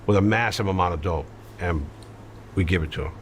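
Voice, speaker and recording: Deep-voiced man telling a blunt story. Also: fairly quick, slight background noise. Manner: blunt, matter-of-fact and profane, with frequent fillers. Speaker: interview guest recounting his past. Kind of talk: conversational storytelling.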